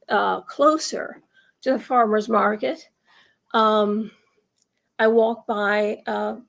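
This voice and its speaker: Woman vlogger, casual opinion monologue, slightly high voice, emphatic and rambling, lots of restarts. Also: creaky. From United States. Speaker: commentary vlogger.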